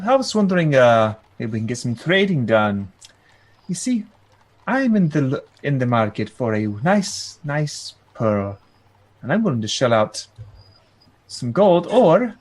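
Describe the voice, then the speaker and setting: A man voicing an older woman wizard in a tabletop game, haggling and rambling in a raised, higher voice.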